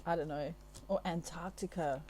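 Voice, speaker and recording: An Australian tarot reader chats casually to her viewers on camera, playful and giggly. She has a lowish, slightly mellow voice with fairly even intonation and a moderate pace, and the audio carries a little hiss or hum.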